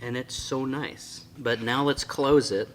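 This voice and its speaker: A man's voice: mid-range voice, fairly even intonation, a bit bright, slight background noise. Chatty enthusiastic man reviewing a Bible. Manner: enthusiastic and chatty, often amused by his own slips; sounds out hard words slowly. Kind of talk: casual product review vlog.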